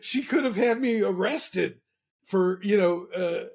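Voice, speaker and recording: A man's voice: sits high, takes it slowly, gravelly, darkish tone. A man being interviewed as a guest author, talking candidly and earnestly with frequent restarts. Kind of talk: casual interview chat.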